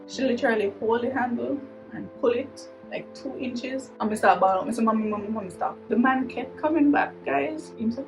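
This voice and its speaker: A woman's voice: on the high side, poor audio. A young woman with a Jamaican accent telling a personal story in a casual vlog, acting out the voices of the people in it and laughing as she goes. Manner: animated, acts out dialogue, laughs through the telling. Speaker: vlogger telling her story.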